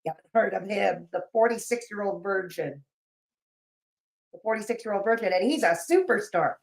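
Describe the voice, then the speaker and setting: A woman's voice: medium pitch, animated, normal speed, creaky, darkish tone. A woman hosting a livestream in casual chat, sarcastic and mocking, her voice a little off and sleepy. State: voice feels off, sleepy. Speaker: livestream host.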